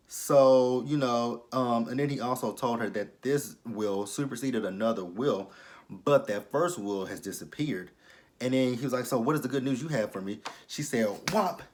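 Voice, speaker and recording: A man giving a blunt, profane, sassy casual recap of a TV episode, swinging between loud outbursts and low asides. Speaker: TV episode reviewer.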